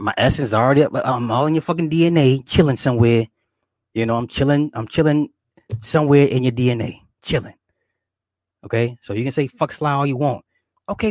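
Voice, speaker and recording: A man rants to his viewers in a boastful, profane, joking way and keeps repeating his points. His voice sits at an ordinary middle pitch. The sound is dry, with no room in it. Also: a little mellow, no room sound. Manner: boastful, swearing, laughing often, repetitive. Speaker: vlogger. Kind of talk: profane comedic rant to viewers.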